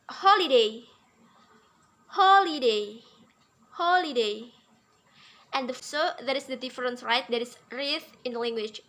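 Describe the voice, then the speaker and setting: A woman's voice: high-pitched, pushed and bright. A young woman, a native Indonesian speaker, reading out English lesson notes carefully, with fillers and repeated words. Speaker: English teacher.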